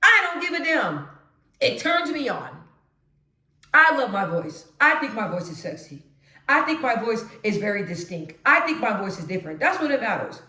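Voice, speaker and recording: A woman vlogging straight to camera, with a naturally deep voice she lifts a notch as she talks emphatically. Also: normal speed, echoey room. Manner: emphatic, animated, conversational. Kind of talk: direct-to-camera monologue.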